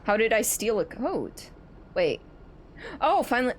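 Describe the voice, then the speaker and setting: Another woman streaming a game chats casually as she plays and reads chat aloud, rambling and restarting often. She sounds a little high and sing-song, unhurried, with slight background noise.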